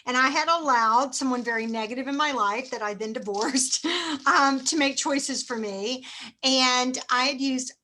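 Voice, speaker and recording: Middle-aged woman, sales trainer, slightly high voice, crisp and bright tone, chatty and self-mocking. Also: a little slow. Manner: chatty, self-mocking, acts out phone scripts. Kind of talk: motivational sales training talk.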